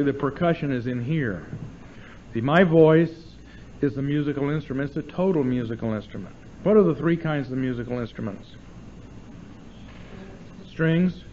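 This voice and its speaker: A man gives an informal theology lecture to an audience, lively and demonstrative, often checking in with his listeners through questions. His voice is a little high, and the audio is dull with slight background noise.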